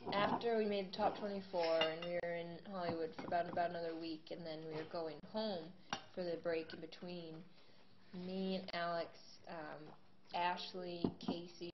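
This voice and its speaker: A young adult woman guest in a casual interview, telling stories in a chatty, animated way with many fillers. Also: fairly low pitch, normal speed. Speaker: guest, singing show contestant. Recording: dull lo-fi home video with steady noise.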